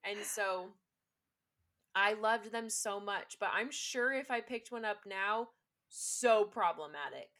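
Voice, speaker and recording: A young woman in casual conversation, talking with a bright, forward tone. She retells scenes in a lively storytelling manner, slipping into the voices of the people she quotes. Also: mid-range voice, takes it slowly. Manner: chatty storytelling, acts out quotes. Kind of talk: casual chat.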